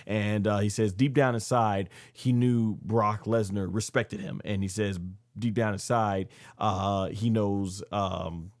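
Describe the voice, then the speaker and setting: Guy on his review channel rambling thru a recap, lowish voice, dry close sound. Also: a little mellow, no echo. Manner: rambling, self-correcting storyteller. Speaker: wrestling review channel host. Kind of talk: casual spoken event recap.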